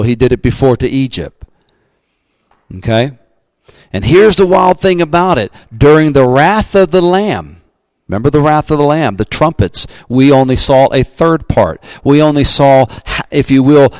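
Male pastor, emphatic folksy sermon, dry close sound, mid-pitched voice. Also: no room sound, poor audio. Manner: folksy, emphatic preaching with colloquial asides.

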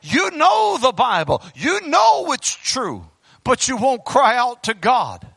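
A man preaching a sermon in church into a microphone, fervent, swinging from loud bursts to hushed pleading. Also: extremely high pitch, huge pitch swings, slow pace, gravelly, slightly rough, no echo. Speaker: pastor. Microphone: handheld microphone.

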